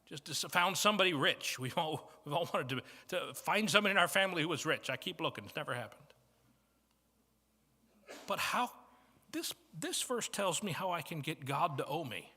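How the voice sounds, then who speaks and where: A Midwestern American man preaches a sermon in a church banquet hall, his slightly high, bright voice carrying a long reverb. He tells homely stories, dropping to quiet asides and then rising to emphatic points. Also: sing-song, normal speed, slightly rough. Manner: storytelling with shifts from soft to emphatic. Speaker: guest preacher.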